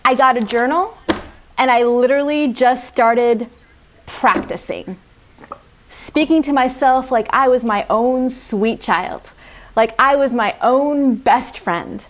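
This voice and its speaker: A woman guest speaker talking warmly and animatedly on a video call, laughing often. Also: high-pitched, unhurried. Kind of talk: heartfelt talk.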